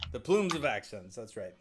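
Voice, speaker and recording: A man with a Southern US accent hosting a casual podcast chat, easygoing and chuckling, with drawn-out vowels. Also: medium pitch, creaky, noisy background. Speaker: podcast host.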